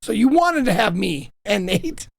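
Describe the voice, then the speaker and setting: A young man with a gravelly edge to his voice tells wild stories in a loose, casual chat. His pitch swings up and down as he gets into it, and he laughs between lines. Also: unhurried. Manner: animated, laughing storyteller. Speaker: host interviewing his mother.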